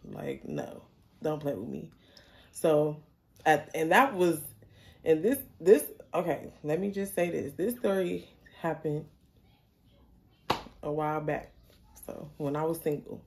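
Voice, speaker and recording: A young adult woman telling a story in a casual, blunt, animated way, swearing freely. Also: low-pitched, slow, vocal fry, long pauses. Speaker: storyteller vlogger.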